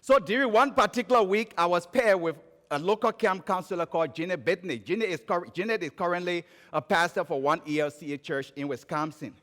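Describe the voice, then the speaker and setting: A man's voice: a little fast, few pauses. Liberian man preaching in an echoey church. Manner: storytelling, rising and falling between emphatic calls and quiet low phrases. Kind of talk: sermon. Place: church sanctuary. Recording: church sanctuary with long reverb.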